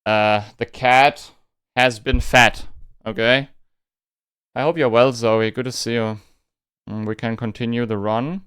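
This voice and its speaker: A man's voice: medium pitch, fairly even intonation, a little slow, pauses often, a bit bright, clear, resonant tone, no echo. A man streaming a game, chatting casually with his viewers, reading chat and humming between lines. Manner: playful, reads chat aloud, hums and sings nonsense. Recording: faint music behind.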